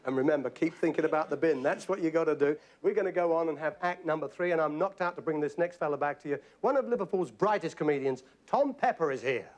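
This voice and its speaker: A man's voice: on the high side, quick pace, few pauses. A man hosting a game show, chummy and effusive, calling guests darling. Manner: chummy, effusive, fond of endearments. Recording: TV studio with loud audience and noise.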